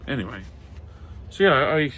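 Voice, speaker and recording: Speaking at a moderate pace in a sing-song, fairly bright mid-range voice, a middle-aged man shows off old pulp magazines in a casual show-and-tell. He's a comic and pulp collector who reads titles aloud and adds wry, muttered commentary.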